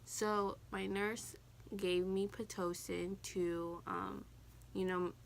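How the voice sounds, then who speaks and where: A woman's voice: medium pitch, little pitch movement, slow pace, vocal fry, slight background noise. A teenage woman telling a personal story in a casual, candid vlog, swearing now and then. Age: teens. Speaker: vlogger.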